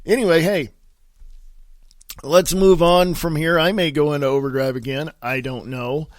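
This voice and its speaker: A man's voice: fairly high pitch, steady tone, normal speed, dry recording, clean studio sound. A man hosting a casual solo podcast, congested and sniffly from a sinus infection, rambling loosely and mumbling his asides. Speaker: podcast host. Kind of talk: casual solo podcast with read-aloud articles.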